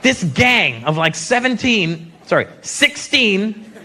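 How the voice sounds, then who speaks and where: A man from Canada doing stand-up comedy, telling animated stories and slipping into quoted voices. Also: high voice, takes it slowly. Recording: live show with loud crowd noise. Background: laughing crowd.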